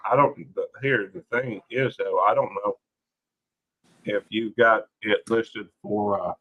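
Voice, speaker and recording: A man's voice: lowish voice, unhurried, highs cut off. A man hosting a casual late-night livestream, rambling in a folksy way and greeting viewers by name. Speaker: livestream host.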